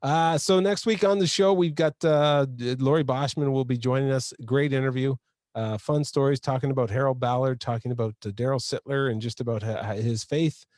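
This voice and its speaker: A man's voice: medium pitch, normal speed, a little mellow, no room sound, clean studio sound. A man hosting a casual chat show, talking in a chatty way with fillers and frequent laughs. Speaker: host.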